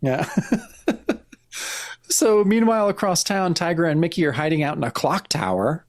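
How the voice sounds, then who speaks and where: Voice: medium pitch, moderate pace, dry recording. A podcast co-host casually walking through comic panels, narrating each one with frequent restarts.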